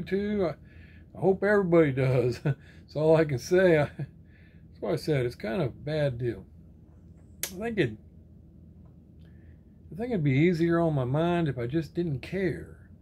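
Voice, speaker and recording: A diecast collector reads viewer comments in casual chat, calling out each name and then answering in a laid-back, rambling way. He keeps repeating friendly sign-offs like "right on, brother," and he has a sore arm and shoulder. His voice is a little high with a dark tone.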